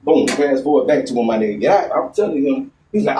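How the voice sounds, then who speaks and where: Brief: Texan man, mellow relaxed voice, casual profane storytelling, recorded from a distance with a roomy sound. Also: medium pitch, fast, hardly any pauses. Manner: laid-back, profane, rambling storytelling. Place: outdoors in a garden.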